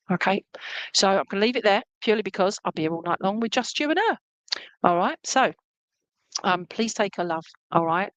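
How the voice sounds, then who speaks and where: A woman's voice: mid-range voice, animated, brisk, a bit bright, dry recording, low-quality recording. A woman giving an online clairvoyant reading as a medium, chatty and reassuring, often checking in with her listener. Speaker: spiritualist medium.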